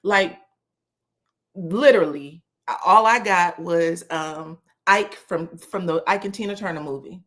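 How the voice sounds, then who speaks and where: A woman's voice: lowish voice, unhurried, a bit bright. A woman recapping a reality show in casual talk, sassy and emphatic, swearing freely and acting out what the cast said. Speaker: reality TV commentator.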